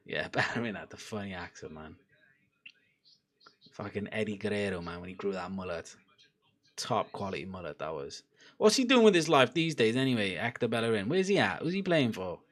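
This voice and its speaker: Young male fan streamer, casual and animated, bouncy voice, loud yelps at near-misses. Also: on the low side, moderate pace, long pauses. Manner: excitable, laughing, loud outbursts at chances. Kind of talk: live watchalong chat.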